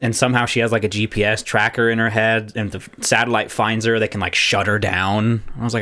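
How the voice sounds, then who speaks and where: A man's voice: lowish voice, flat delivery, brisk, few pauses, sharp tone. A man co-hosting a podcast in casual chat, rambling and laughing often, with many restarts. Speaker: podcast co-host.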